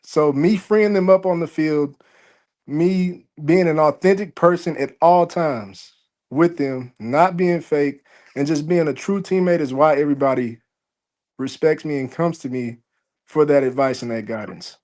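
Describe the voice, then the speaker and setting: A man's voice: fairly high pitch, unhurried, darkish tone. Confident male athlete guest. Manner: confident, self-assured. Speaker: pro football player, interview guest. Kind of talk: casual interview chat.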